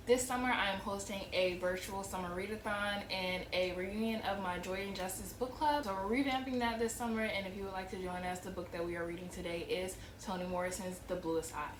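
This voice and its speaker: A woman at an ordinary pitch chats casually with her viewers, then reads aloud with a lilting storybook rhythm. The room is echoey and a faint hiss sits under her voice. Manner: expressive storybook reading with sing-song lilt. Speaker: lifestyle channel host reading aloud. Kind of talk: casual vlog intro and book read-aloud.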